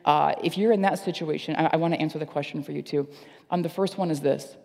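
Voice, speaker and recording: A man's voice: on the high side, fairly even intonation, fast talker, gravelly, darkish tone, in a large hall. A man preaching a sermon as pastor, earnest and repeating phrases for emphasis. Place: church service.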